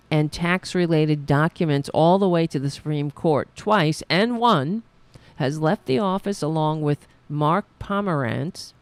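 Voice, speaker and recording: A woman's voice: sits low, darkish tone, dry recording. A woman hosting a political podcast, reading news stories aloud and breaking in with scornful, sarcastic asides and frequent self-corrections.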